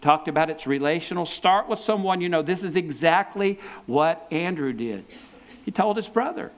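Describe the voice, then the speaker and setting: A man with a fairly high voice teaches from scripture in a relaxed, conversational way. He turns lively as he retells the story. He often stumbles and restarts his sentences as he goes. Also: normal speed. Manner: animated storytelling with repeated restarts. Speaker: preacher.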